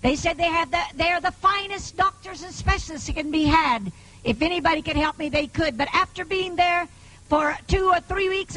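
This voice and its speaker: High, bright-voiced woman preaching emphatically. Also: rough recording. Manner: emphatic preaching, often rising to a shout. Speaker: evangelist giving her testimony. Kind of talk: preached healing testimony to a live audience.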